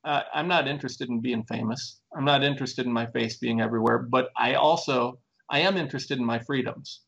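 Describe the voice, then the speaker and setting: A man's voice: a little fast, vocal fry, fairly bright tone, highs cut off. A man speaking earnestly and emphatically in a conversational interview, pressing his points with repeated questions. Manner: earnest, emphatic, building to raised pitch. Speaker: plaintiff in a lawsuit.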